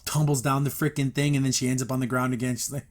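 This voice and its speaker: A man hosting a podcast, recapping a cartoon episode in casual, animated commentary and acting out the characters' lines. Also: medium pitch, fast. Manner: animated, recaps scenes and acts out quotes.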